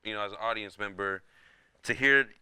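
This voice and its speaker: A young man from New York chats fast and loose as a guest DJ, loud and easygoing. His voice is bright and crisp, recorded dry and close with hardly any room sound. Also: on the low side, no room sound. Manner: laid-back, loud and chatty, says "you know what I'm saying" a lot. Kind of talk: casual interview chat.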